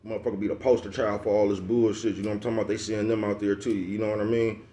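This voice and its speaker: A man with a low voice talks straight to camera in a blunt, profane advice rant. He preaches with heavy slang, calls his listeners "bruh" and "folks", and keeps looping back to check they follow. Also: flat delivery, racing, warm tone. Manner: profane, preachy, repeats "you know what I'm talking about". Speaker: vlogger giving street advice. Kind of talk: casual advice monologue.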